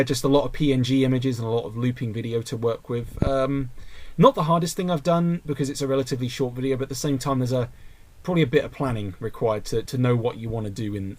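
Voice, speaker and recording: A man's voice: medium pitch, a little mellow. A young man hosting a casual podcast over a voice call, reading listener questions and rambling with frequent restarts.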